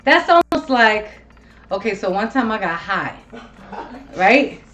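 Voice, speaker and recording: Seorang wanita paruh baya yang mengobrol santai dan bertele-tele sebagai pembawa acara podcast, sering mengumpat dengan gaya yang hidup. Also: female voice, mid-range voice, slow, slight background noise. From Ohio. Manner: swears a lot, rambling and animated. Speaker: podcast host. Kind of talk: casual chat.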